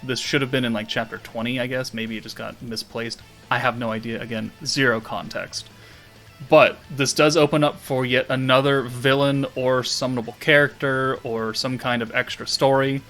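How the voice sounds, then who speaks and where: A man's voice: medium pitch, fairly even intonation, normal speed, fairly bright tone, soft background music. A man hosting a gaming channel, giving casual commentary and thinking aloud in a loose, rambling way with fillers.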